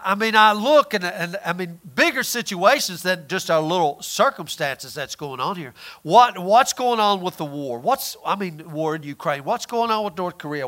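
A man's voice: high-pitched, bright, forceful tone. A man preaching a conversational sermon, often repeating words and asking his listeners questions.

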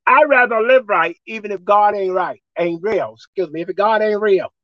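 A woman preacher delivering a folksy, emphatic sermon, swinging between shouting and hushed tones. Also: medium pitch, moderate pace, dry recording, lo-fi sound. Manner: folksy, colloquial.

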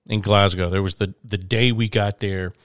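A man with a lowish voice tells a long, meandering travel story to his co-host. He trips over words and restarts his sentences often, keeping it casual. The sound is dry and close. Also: steady tone, normal speed, dry recording. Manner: rambling, frequent restarts and fillers. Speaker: podcast host, touring musician.

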